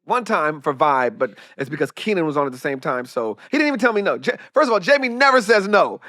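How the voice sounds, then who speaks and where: A comedian and director telling lively, profane anecdotes in a casual podcast chat, acting out the voices of the people in his stories. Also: on the high side, quick pace, no room sound, studio quality. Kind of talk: animated storytelling in casual chat.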